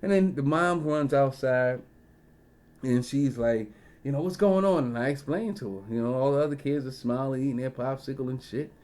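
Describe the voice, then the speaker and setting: A man's voice: mid-range voice, normal speed, darkish tone. A man in a casual storytelling rant, profane and rambling, full of fillers and side remarks. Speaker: vlogger.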